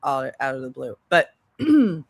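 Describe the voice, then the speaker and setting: A woman's voice: very deep voice, very animated, a little slow, vocal fry, dry recording. A woman co-hosting a casual gossip livestream, giggly and mocking, who likes doing voices. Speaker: livestream co-host.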